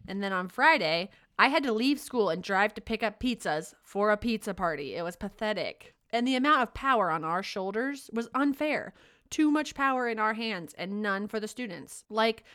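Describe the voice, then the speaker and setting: A woman's voice: on the high side, fairly bright tone, clean tone. A woman co-hosting a teaching podcast, telling classroom stories in an earnest, heartfelt way. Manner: earnest, storytelling, emotional. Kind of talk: casual podcast chat.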